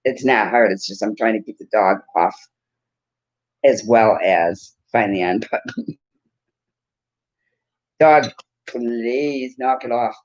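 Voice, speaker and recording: A woman's voice: a bass voice, a little mellow. A woman in her fifties chatting casually to camera at home, rambling and laughing often as she talks. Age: 50s. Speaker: vlogger. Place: at home with a dog. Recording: dull lo-fi recording.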